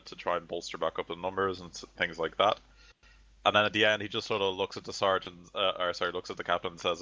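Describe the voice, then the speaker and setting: A man's voice: low voice, bright, forceful tone. A man narrating a tabletop game as game master, in a rambling, loose way full of fillers, on a dull lo-fi recording.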